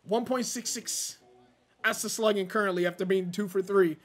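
A young man commenting on his own baseball video game, rambling and frustrated, venting with sudden loud outbursts. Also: high-pitched, fairly even intonation, normal speed. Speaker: gaming YouTuber. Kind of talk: casual gameplay commentary.

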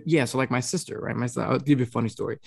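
A man hosting a podcast, telling a funny story in a casual, animated way at home over a video call. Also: rapid-fire, creaky, breathy edge. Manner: animated storyteller, imitates his dad in a low mumble. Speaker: podcast host.

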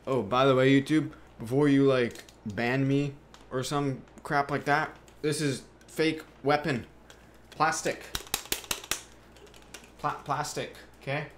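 A man's voice: slow pace, long pauses, a little hiss or hum. Jumpy young man playing a horror game. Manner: jumpy and excitable, yells at the game, then talks low and taunting. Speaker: gaming YouTuber. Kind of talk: horror game let's play commentary.

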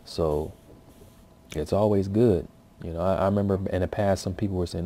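A man's voice: deep voice, fairly quick, dark tone. A man giving casual, rambling commentary on his language practice, full of fillers and restarts. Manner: loose, rambling, filler-heavy with many restarts. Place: at home, with his baby nearby.

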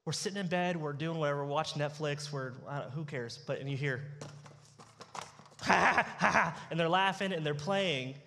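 A young male pastor with a fairly high, slightly bright voice preaches a sermon in a church sanctuary. He tells funny family stories, acting out the dialogue, and the church hall adds reverb.

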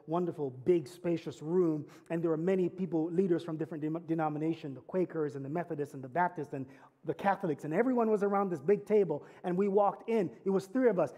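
With a slightly high, dark-toned voice, a pastor earnestly preaches, swelling to emphatic climaxes. He tells his stories conversationally, with touches of light humor.

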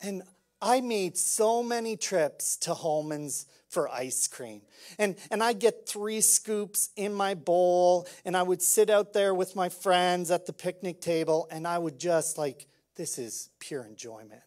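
A man preaching a sermon as pastor, conversational and fervent, swinging between hushed asides and loud emphasis with many "like" fillers. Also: high-pitched, unhurried.

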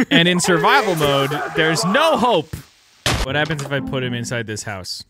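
A man hosting a game video, commentating excitably, laughing often and talking to the creatures on screen. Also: a little high, normal speed, very noisy. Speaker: gaming video host.

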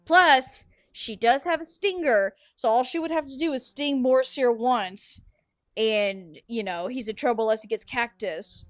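A woman's voice: on the high side, a little slow, no room sound, studio quality. A young woman hosting a casual game livestream, chatting and giggling with viewers and breaking into yawns. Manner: giggly, chatty, yawning between sentences. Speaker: streamer and game host. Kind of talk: casual livestream chat while playing.

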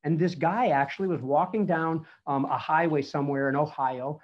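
Man, 50s, somewhat high voice, rambling storyteller style over a dull video call line. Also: moderate pace. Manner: chatty storytelling with frequent fillers. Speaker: battlefield preservation speaker. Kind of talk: conversational online history talk. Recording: muffled lo-fi audio.

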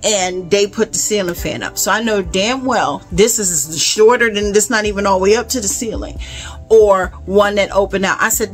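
Animated woman telling a story. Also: medium pitch, normal speed, faint music behind. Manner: animated, exasperated storytelling with asides to viewers. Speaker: home vlogger. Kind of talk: casual storytime.

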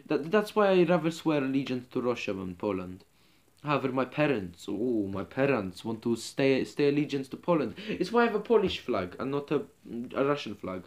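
A man's voice: sing-song, moderate pace. A man ranting in character to his viewers as their host, rambling and hesitant with lots of ums and restarts, and he keeps calling them comrades. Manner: keeps addressing viewers as comrades, dropping low on the word. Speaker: channel host. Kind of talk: in-character comedy rant to camera.

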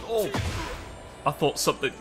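Excitable joking man playing a game. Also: a little high, moderate pace. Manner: excitable, joking, swears and laughs often. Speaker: let's play host. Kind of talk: casual gameplay commentary. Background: game music.

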